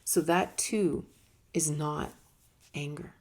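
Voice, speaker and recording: Gravelly-voiced woman teaching in casual talk. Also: sits low, fairly even intonation, slow, darkish tone. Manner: conversational, emphatic, with laughs and acted-out quotes. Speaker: speaker on personal growth.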